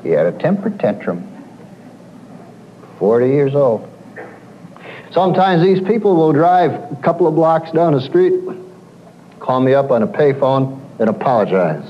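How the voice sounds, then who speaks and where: Animated male counselor lecturing an audience. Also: medium pitch, a little slow, long pauses, dull audio, a little hiss or hum. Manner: animated storyteller, acts out quoted clients.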